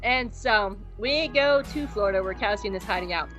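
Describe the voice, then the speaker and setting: A woman's voice: medium pitch, a bit bright, soft background music, poor audio. A woman co-hosting a podcast, recapping an episode in casual chat and briefly acting out the characters. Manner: playful, acts out characters in quick impressions. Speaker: podcast co-host.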